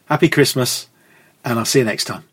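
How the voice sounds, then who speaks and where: A man's voice: medium pitch, fairly quick, faint music behind. Upbeat middle-aged male podcast host. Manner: upbeat, friendly sign-off patter.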